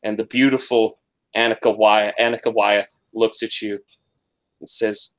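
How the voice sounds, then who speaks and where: A man narrating a tabletop game as game master, halting with many fillers and restarts. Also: fairly low pitch, little pitch movement.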